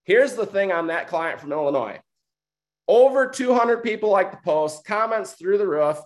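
With a high-pitched, expressive voice at normal speed, this coach of coaches from Michigan delivers a motivational talk. He speaks emphatically, goes over his points again, and keeps asking "right?" and "okay?".

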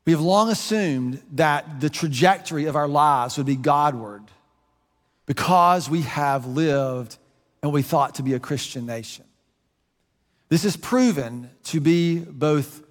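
A man's voice: a little high, long reverb tail. A man from the United States preaching a sermon in a conversational way, restarting phrases and adding asides. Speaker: pastor.

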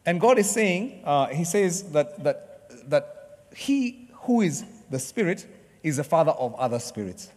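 Man, higher-pitched preacher, chatty sermon with playful asides, long hall reverb. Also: a little slow. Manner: conversational, playful with the congregation, bursts into excited cheering.

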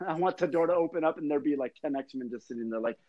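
A man's voice: fairly high pitch, fast, lo-fi sound. A man talking casually on a podcast, rambling with lots of fillers. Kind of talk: casual chat.

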